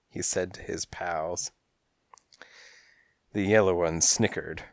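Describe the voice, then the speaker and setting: Slow, wry male storyteller. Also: deep voice, steady tone, no echo, clean studio sound. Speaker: audiobook narrator. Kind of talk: first-person storybook narration.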